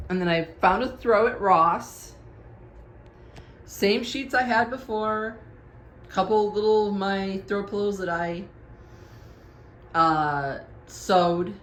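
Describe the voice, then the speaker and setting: In her bedroom, a woman films a casual room tour vlog on a tripod, presenting her redecorating item by item in a chatty, homey way. She speaks with a medium-pitched, fairly bright tone. The room is echoey, with slight background noise.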